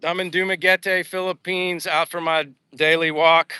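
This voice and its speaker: A man's voice: on the high side, little pitch movement, normal speed, bright, forceful tone, smooth, dry recording. A man from the United States chatting casually on a live stream while out on his daily walk outdoors, reading viewer comments aloud with lots of fillers. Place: outdoors on a seaside boulevard.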